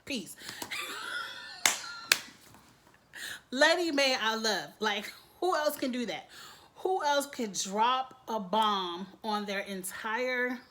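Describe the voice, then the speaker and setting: A woman gives a casual, opinionated recap of a TV drama. Her voice sits a bit high, and she talks in a sassy, animated way, mimicking the characters as she goes. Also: slow pace, a little hiss or hum. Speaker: TV recap reviewer.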